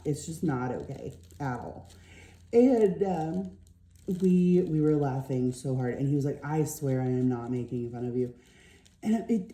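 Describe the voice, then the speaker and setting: A woman's voice: fairly low pitch, dark tone, reverberant. A middle-aged woman vlogger telling a rambling story while crafting, tired and yawning, with lots of fillers. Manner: rambling, chatty, with many fillers.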